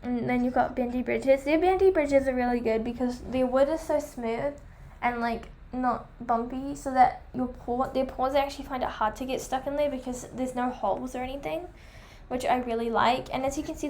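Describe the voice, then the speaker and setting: A young woman chatting enthusiastically while reviewing pet products, full of fillers, her voice going hoarse. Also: high-pitched, a little mellow, slight background noise. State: losing her voice. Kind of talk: casual chat.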